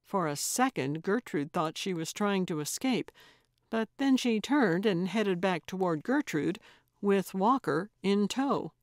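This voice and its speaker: A woman narrating a cozy mystery audiobook in a measured, storytelling manner. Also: medium pitch, animated, dry recording, studio quality. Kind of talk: scripted narration.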